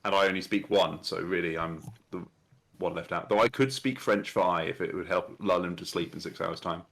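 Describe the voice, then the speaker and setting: Man, very low voice, dry humour, casual stream chat. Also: a little fast, gravelly, fairly bright tone. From Scotland. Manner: dry joking, chatty. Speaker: charity stream co-host.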